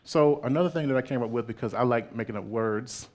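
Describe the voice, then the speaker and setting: A man giving a public artist talk in an animated way, laughing often and checking in with "right?". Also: mid-range voice, fast, few pauses.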